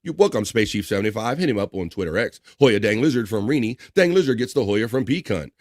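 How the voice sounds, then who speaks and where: A man's voice: fairly low pitch, expressive, quick pace, no echo, clean studio sound. A man hosting a casual live stream, reading viewer comments aloud, joking and laughing often. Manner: chatty, laughs often, reads chat names aloud. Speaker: livestream talk show host.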